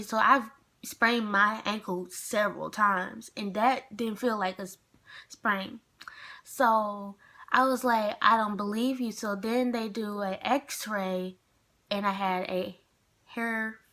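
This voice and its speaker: A woman's voice: fairly high pitch, a bit bright. A young adult woman telling a casual storytime vlog, chatty and rambling with lots of fillers. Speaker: vlogger.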